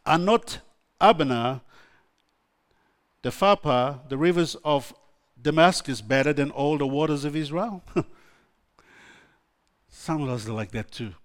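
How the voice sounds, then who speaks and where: A man preaching a sermon, reading scripture aloud with frequent restarts and stumbles. His voice sits a little high for a man, and he breaks into exclamations between verses. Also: a little slow, pauses often.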